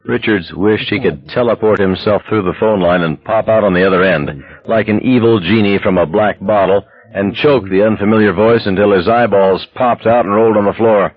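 A man narrating a novel as an audiobook in a steady, measured way. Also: lowish voice. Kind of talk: scripted narration. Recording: dull lo-fi dry recording.

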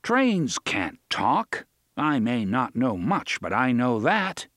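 A man's voice: medium pitch, very animated, slow, a bit bright, dry recording, studio quality, exaggerated voice. A man voicing a proud, stern train engineer in an audiobook, speaking in a big stern voice. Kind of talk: audiobook character voice.

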